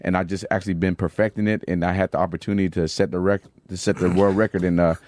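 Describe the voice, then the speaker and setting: Man, lower voice, quick talker, dry sound, easygoing interview guest. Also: flat delivery, a little mellow, no room sound. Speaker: guest, professional basketball player. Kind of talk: casual interview.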